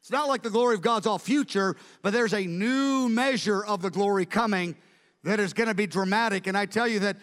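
High-voiced man preaching fervently. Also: fairly bright tone, long reverb tail. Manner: rapid, fervent Bible teaching. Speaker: pastor. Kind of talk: sermon. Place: church.

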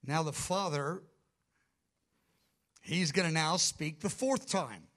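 A male preacher delivering a sermon with a fairly high voice. He teaches in a casual, conversational way, then drives points home with sudden emphatic bursts. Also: slow, a bit bright.

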